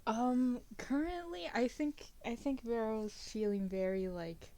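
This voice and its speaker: A woman's voice: fairly high pitch, measured pace, warm tone, slight background noise. A woman playing in a tabletop role-play, rambling casually and filling her speech with "like". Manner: rambling, says 'like' constantly, giggly. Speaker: player. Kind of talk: casual chat in a tabletop game.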